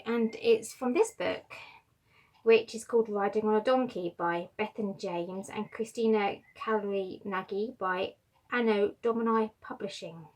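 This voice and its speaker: Gentle woman reading a children's story. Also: medium pitch. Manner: gentle, softening to near-whisper. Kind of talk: reading a picture book aloud. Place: garden cabin.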